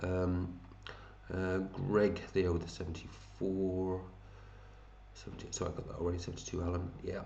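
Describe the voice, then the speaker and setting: A man's voice: deep voice, completely flat delivery, normal speed, creaky, mellow, roomy sound, muffled recording, slight background noise. A man hosting a fantasy football league, chatting casually and matey as he runs through scores and thinks aloud. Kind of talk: casual commentary over a screen.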